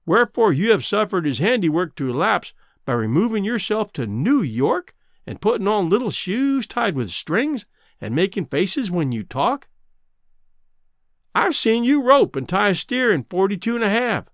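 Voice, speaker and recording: A man's voice: high voice, very animated, normal speed, no echo, studio quality, pitched above the performer's own voice. A man doing a scornful blustering cowhand. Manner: blustering folksy drawl, scolding. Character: gruff scornful Western cowhand, adult man.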